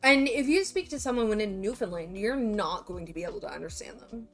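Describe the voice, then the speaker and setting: A woman's voice: mid-range voice, expressive, a little fast, soft background music. A woman from Canada with a Canadian accent, chatting casually and rambling with lots of fillers as she streams to viewers.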